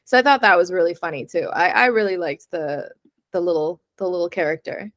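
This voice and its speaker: A young woman joining a casual book club talk, chatty and teasing. Her voice has a middle pitch. It sounds dry and close. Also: expressive, brisk, no room sound. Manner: chatty, playful, uses many fillers. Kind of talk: casual chat.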